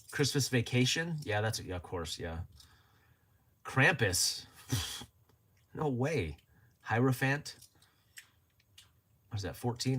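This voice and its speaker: A man hosting a casual livestream, chatting and joking as he reads viewer comments aloud and laughs often. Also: on the low side. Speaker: livestream host.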